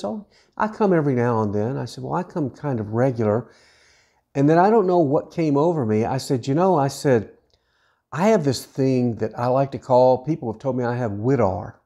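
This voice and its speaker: Earnest man with a mellow voice. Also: mid-range voice. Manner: earnest, repeats "I said", many restarts. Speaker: widowed vlogger. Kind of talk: personal storytelling.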